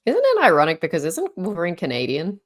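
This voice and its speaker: A woman's voice: on the low side, huge pitch swings, fast. An Australian woman co-hosting a gaming podcast, chatting casually and enthusiastically with many fillers. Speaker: podcast co-host. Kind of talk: casual chat.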